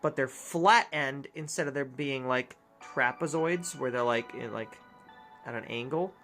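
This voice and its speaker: Rambly joking guy playing a game, talks in loops and cuts himself off, quiet music behind. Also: mid-range voice, a little slow. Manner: rambling, jokey, self-interrupting. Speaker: let's play host. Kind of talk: casual gameplay chat.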